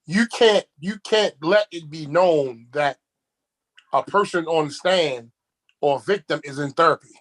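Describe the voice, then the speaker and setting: High-voiced man telling street stories. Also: a little slow, a bit bright, poor audio. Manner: streetwise storyteller, repeats words when starting. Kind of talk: casual chat.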